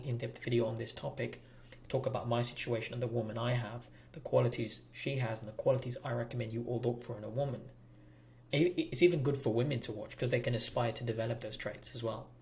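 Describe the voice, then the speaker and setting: A man's voice: medium pitch, vocal fry, darkish tone. A man hosting a relationship advice talk, speaking bluntly and preachily straight to his viewers. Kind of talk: direct-to-camera advice monologue.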